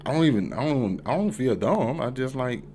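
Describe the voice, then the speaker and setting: A young man giving a casual, profanity-laced review of a TV episode, swinging from low mumbling to loud excited outbursts. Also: fairly quick, slight background noise. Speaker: TV show reviewer.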